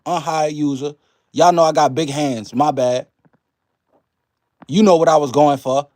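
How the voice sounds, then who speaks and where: A man with a high-pitched voice rants to a live chat, preachy and emphatic, full of slang and swearing. He keeps firing rhetorical questions at his viewers. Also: fairly even intonation, unhurried, darkish tone. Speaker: livestream commentary host. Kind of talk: casual ranting commentary to a live chat.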